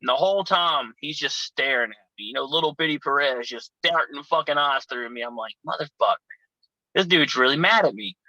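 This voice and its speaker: A man's voice: medium pitch, animated, brisk, hardly any pauses, bright, forceful tone, no echo, rough recording. A man telling profane, rowdy road stories in a casual chat as a guest. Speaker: pro wrestler guest.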